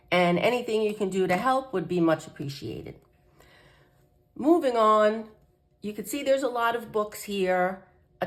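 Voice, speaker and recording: A woman with a nasal, congested voice from a cold, chatting casually to camera as the host of her coloring channel, rambling with ums and restarts. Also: medium pitch. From United States.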